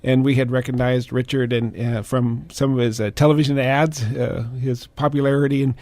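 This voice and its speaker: A man co-hosting a radio talk show, speaking haltingly with many fillers. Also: mid-range voice, level tone, darkish tone, no room sound.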